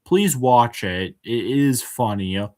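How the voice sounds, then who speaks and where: A man's voice: medium pitch, expressive, slow pace, a little mellow. Guy doing a casual show review, keeps restarting and saying uh, frank and fed up. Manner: hesitant, many filler words and restarts; frank and exasperated. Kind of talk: casual spoken episode review.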